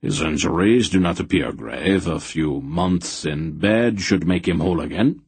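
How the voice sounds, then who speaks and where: A man's voice: low-pitched, animated, darkish tone, breathy edge, dry recording, exaggerated voice. Man reading a smug, courtly knight. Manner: formal, unhurried, mock-courteous. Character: haughty, courtly male knight, archaic speech.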